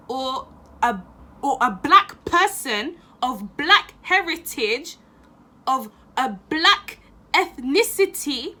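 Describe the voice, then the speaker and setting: In her casual opinion vlog, a young woman with a high-sitting voice and sharp tone speaks emphatically and with passion. She repeats phrases to drive her points home.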